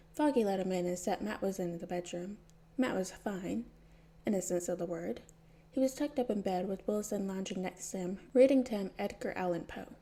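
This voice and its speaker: Gravelly, mellow woman reading fanfiction. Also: mid-range voice. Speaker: podfic reader.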